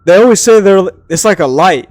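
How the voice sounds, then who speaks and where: A man's voice: high-pitched, expressive, brisk, no room sound. A man co-hosting a podcast, retelling a friend's story in casual joking banter. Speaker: podcast co-host. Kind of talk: casual chat.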